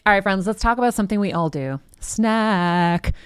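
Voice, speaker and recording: A woman's voice: mid-range voice, moderate pace, clear, resonant tone, no room sound, studio quality. A woman hosting a podcast, reading an ad in an upbeat, enthusiastic way. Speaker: podcast host reading ads. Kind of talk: host-read advertisement.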